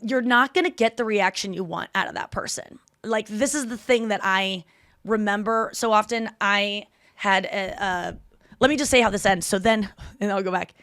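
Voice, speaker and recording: A woman hosting a podcast, telling stories in casual chat with quick asides and self-corrections. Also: mid-range voice, fairly bright tone, smooth, no room sound, studio quality. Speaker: podcast host.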